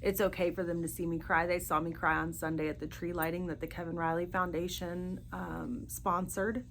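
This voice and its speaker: A middle-aged woman hosts a personal podcast in a low, fairly even voice. She talks earnestly and haltingly, starting over as she looks for words. A faint hum sits behind her. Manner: speaks openly of grief and faith. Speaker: podcast host. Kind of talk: personal monologue.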